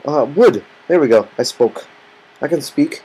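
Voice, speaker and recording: Goofy rambling man, very lively pitch. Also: a little slow, rough recording. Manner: rambling, goofy, talks to himself. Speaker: Minecraft let's player. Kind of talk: casual gameplay commentary. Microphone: computer's built-in mic, not headset. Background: computer fan hum.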